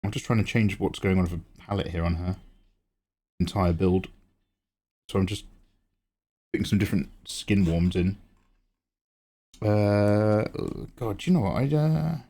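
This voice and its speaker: A grown man hosting a live drawing stream, chatting casually and teasing viewers as he answers chat. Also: darkish tone. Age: adult. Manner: chatty, teasing replies to chat, jumps up in pitch when greeting viewers. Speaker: livestream artist and host.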